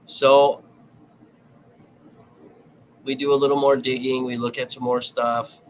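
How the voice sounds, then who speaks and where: A man at mid pitch tells a story to his livestream audience in loose, swear-heavy talk. He keeps the retelling animated and acts out each side of the conversation as he goes. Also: takes it slowly, slight background noise. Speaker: livestream host and independent writer. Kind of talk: casual profane storytelling.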